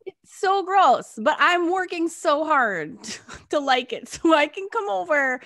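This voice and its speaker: A middle-aged American woman co-hosting a podcast, chatting in a rambling, animated way and laughing often. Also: sits high, slow. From United States. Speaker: podcast co-host. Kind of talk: casual chat.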